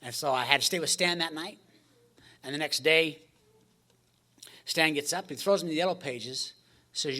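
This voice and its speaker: A man's voice: fairly high pitch, brisk. A man speaking at a recovery meeting, telling his story with jokes and acted-out dialogue. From United States. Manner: animated, joking storyteller acting out dialogue.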